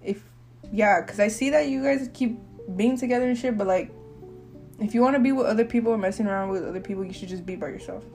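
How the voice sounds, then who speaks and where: A woman's voice: mid-range voice, fast, a little mellow, faint music behind. A young woman hosting her own podcast, telling a candid, slang-heavy story in a rambling, casual way with frequent laughs. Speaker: podcast host. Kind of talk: casual solo podcast chat.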